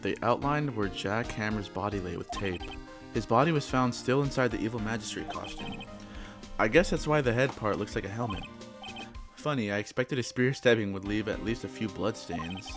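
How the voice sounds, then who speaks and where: A man reading the lines of a skeptical young male defense lawyer in a flat, dry way, with game music behind. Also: fairly low pitch, normal speed, lightly acted.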